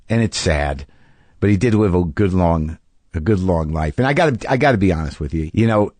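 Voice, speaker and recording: A man's voice: mid-range voice, no room sound. A middle-aged man hosting a podcast, talking in a rambling, casual way from his garage studio. He repeats his words and swears freely. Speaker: podcast host. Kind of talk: casual monologue. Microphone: studio mic in a home garage.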